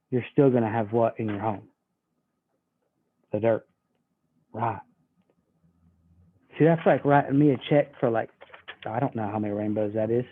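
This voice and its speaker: A man coaching a sales team, talking in a folksy, animated way as he walks through a pitch to a customer. His voice sits a little high, and the recording sounds thin and tinny, like a phone line. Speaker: sales trainer. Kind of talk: sales training demonstration.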